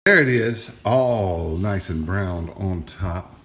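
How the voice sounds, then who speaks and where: Slow and low-voiced, with a slightly bright tone, this cooking show host and dad works a grill outdoors for his casual vlog. He jokes around with his kids in a folksy way, and there's a little hiss or hum on the audio.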